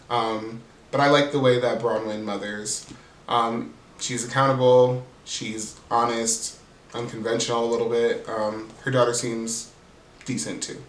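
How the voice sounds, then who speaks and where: A man's voice: mid-range voice, a bit bright, recorded from a distance. Sassy, profane man recapping reality TV. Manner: sassy, profane, mimics cast members in raised voices. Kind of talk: casual episode recap. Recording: roomy, off-mic sound with faint background hiss.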